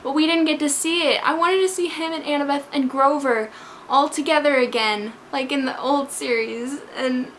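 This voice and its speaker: A woman's voice: high-pitched, steady tone, normal speed, fairly bright tone, slight background noise. A woman talking through a book she loved in a casual vlog, gushing, scatterbrained and emotional as she jumps between parts. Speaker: book vlogger.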